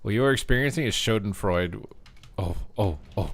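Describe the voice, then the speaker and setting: A man's voice: fairly low pitch, expressive, normal speed, slight background noise. A man streaming a video game, chatting casually with viewers while he plays, cracking jokes and swearing now and then. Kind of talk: casual live gameplay commentary.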